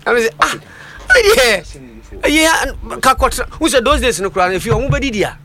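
Man, high voice, bright tone, animated storyteller, casual radio chat. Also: racing.

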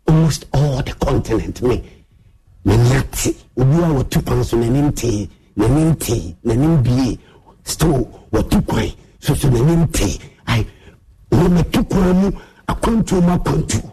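A man's voice: medium pitch, expressive, measured pace, mellow, husky. A man with a Ghanaian accent, Twi his first language, giving a boastful, swaggering monologue as a show host.

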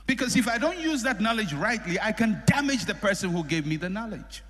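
A middle-aged male pastor delivers a sermon with a lively, fairly high voice that swings up and down. He slips into the voices of the people he quotes. The sound rings with long reverb from a large hall. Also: a little fast. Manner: animated preaching, acting out quoted people.

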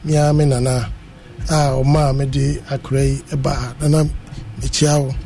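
Relaxed Ghanaian man with a mellow voice. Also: medium pitch, moderate pace, poor audio. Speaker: guest. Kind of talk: casual radio chat.

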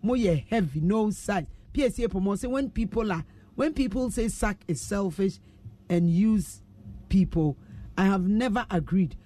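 A woman's voice: mid-range voice, animated, moderate pace, warm tone, dry recording. A Ghanaian woman hosting a radio show, chatting playfully and reading out listener messages. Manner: playful, teasing, laughs often. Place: radio studio.

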